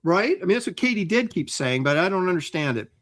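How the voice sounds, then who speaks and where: A man's voice: high voice, big pitch swings, fast, a bit bright. Hesitant man with a raised voice. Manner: hesitant, searching for words. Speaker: comic book artist. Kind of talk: casual chat on a livestream.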